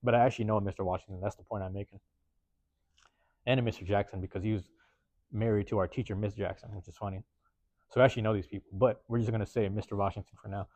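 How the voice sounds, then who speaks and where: A man's voice: on the low side, no room sound. A man from the US West Coast, hosting a podcast in a casual storytelling monologue. He talks in slang and profanity, keeps tagging "man" and "bruh", and slips into put-on voices for the people he quotes. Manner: acts out quoted neighbors in lively put-on voices. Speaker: podcast host. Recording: dull, dry close recording.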